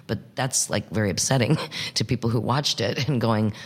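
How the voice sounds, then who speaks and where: A man talking about improv in an interview, emphatic and animated, swearing freely. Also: medium pitch, moderate pace, breathy edge. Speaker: improv performer and teacher. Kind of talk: casual interview talk. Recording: long reverb.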